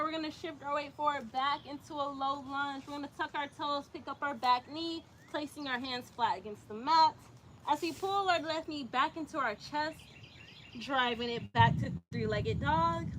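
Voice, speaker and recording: Outdoors in a light rain, a young woman leads a yoga flow, cueing breaths and poses and tossing chatty, slangy asides to her viewers. Her voice sits high with a fairly bright tone, and there's a little background noise.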